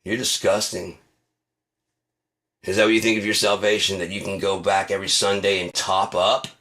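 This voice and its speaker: A man's voice: low voice, little pitch movement, normal speed, bright, forceful tone. A man hosting his own channel, delivering a profane, heated, mocking rant. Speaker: channel host. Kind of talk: ranting monologue.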